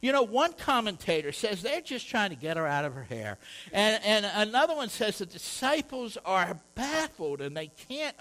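Animated preacher man, highish voice. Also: rough recording. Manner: earnest, heartfelt, stumbles and repeats words. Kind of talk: conversational sermon.

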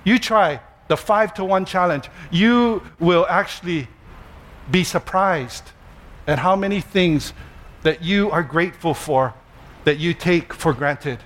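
Delivering his sermon in a voice that sits high, this pastor leans on lively stories, jokes at his own expense, and deliberate, emphatic repetition.

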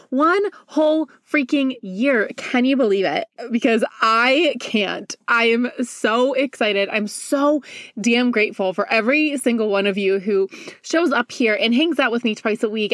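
A woman's voice: fairly high pitch, a bit bright, no echo, clean studio sound. A woman in her twenties hosting her own podcast, talking casually and effusively from a closet at home. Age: 20s. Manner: effusive, upbeat, heartfelt. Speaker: podcast host. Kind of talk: casual solo podcast talk.

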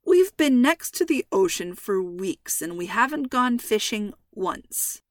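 A woman reading aloud, voicing a calm, reassuring middle-aged father with a teasing sense of humor. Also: mid-range voice, slow pace, no echo, clean studio sound. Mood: playful. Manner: reassuring, playful.

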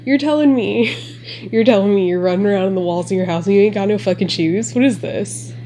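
Profane excitable woman reacting to a movie. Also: medium pitch, brisk, slight background noise. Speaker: podcast host reacting to a movie. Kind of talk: casual movie commentary.

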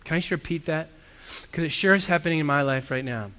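A man's voice: fairly high pitch, fast talker, pushed and bright, clean tone. A man preaching a sermon as a pastor, earnest and conversational, with self-deprecating asides. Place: church hall. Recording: long reverb of a church hall.

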